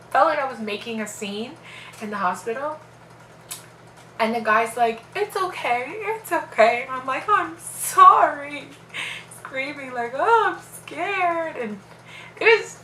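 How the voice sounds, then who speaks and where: A woman's voice: mid-range voice, echoey room, a little hiss or hum, rough recording. A young woman casually telling a personal story on her vlog, acting out what people said. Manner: animated, acts out quoted voices.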